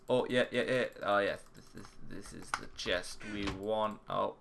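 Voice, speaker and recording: Gameplay commentator, male, low gravelly bright voice, giggly and goofy, faint keyboard clicks. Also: measured pace, hardly any pauses, slight background noise.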